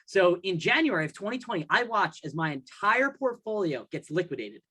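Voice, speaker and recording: A man's voice: high voice, big pitch swings, brisk, bright, forceful tone, slightly rough. A man hosting a podcast, telling a long story in a rambling way. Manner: rambling storyteller, acts out his own thoughts. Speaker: podcast host. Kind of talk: casual podcast chat.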